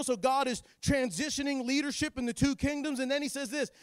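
A man preaching a sermon as pastor, with dramatic delivery that swings between hushed and shouting. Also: very high voice, a little fast, few pauses, no echo, clean studio sound.

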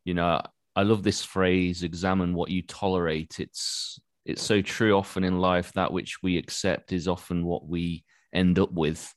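A man with a very low voice hosts an interview. He responds appreciatively and frames his questions in a slightly halting way. The recording is dry and close. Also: little pitch movement, dry recording. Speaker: host.

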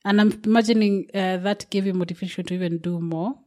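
A woman's voice: medium pitch, steady tone, fast talker, dark tone. Empathetic woman podcast host. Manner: empathetic, probing questions. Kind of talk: interview conversation.

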